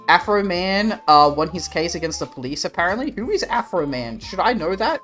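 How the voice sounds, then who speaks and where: A man's voice: high voice, big pitch swings, a little fast, fairly bright tone, faint music behind. A young Australian man chatting casually with his stream viewers, rambling and swearing in a laid-back way. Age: young adult. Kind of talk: casual livestream chat.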